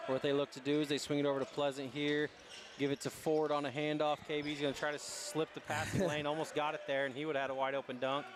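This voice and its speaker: A man calling live basketball play by play, rattling off each pass and shot from a high school gymnasium. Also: little pitch movement, noisy background. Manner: rapid running calls of each pass. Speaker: play-by-play announcer. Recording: gym ambience and bouncing balls.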